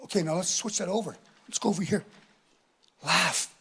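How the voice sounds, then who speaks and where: Animated comedian guy, high husky voice, keeps tossing in "eh?". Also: normal speed. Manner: animated, tag questions with "eh", acts out laughs. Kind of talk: stand-up storytelling. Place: live performance venue.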